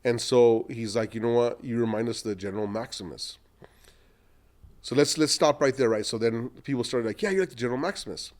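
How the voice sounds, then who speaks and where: A middle-aged man, an entrepreneur, telling long animated anecdotes in a podcast interview and acting out what other people said. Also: medium pitch, a little fast. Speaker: entrepreneur guest.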